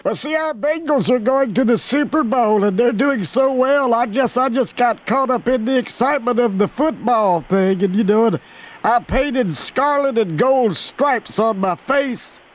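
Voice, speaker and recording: A man's voice: very high-pitched, animated, measured pace, pitched above the performer's own voice. A man playing a nervous, rambling caller who keeps apologizing. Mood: fretful. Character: nervous rambling caller, sports-mad churchgoer.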